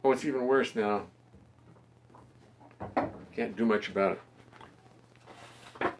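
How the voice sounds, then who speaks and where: Gravelly-voiced man musing on a phone stream. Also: slow pace, noisy background. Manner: musing, easygoing, talks to himself. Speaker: musician hosting a livestream. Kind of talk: casual rambling chat between songs. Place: home music studio. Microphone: phone on a stand. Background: his own double bass playing.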